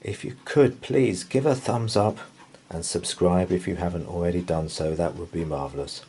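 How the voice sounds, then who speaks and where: A man reading a bedtime story aloud in a slow, gentle, expressive way. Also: low-pitched, slight background noise.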